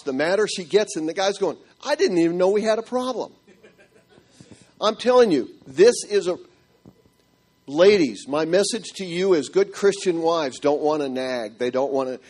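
A middle-aged man telling a church audience his marriage story in an animated, storytelling way. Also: fairly high pitch. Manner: animated storytelling, acting out quotes. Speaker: speaker giving a marriage testimony.

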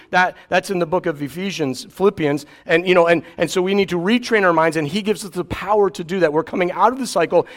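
High-voiced man preaching a sermon. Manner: conversational preaching with sudden quiet asides. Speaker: pastor.

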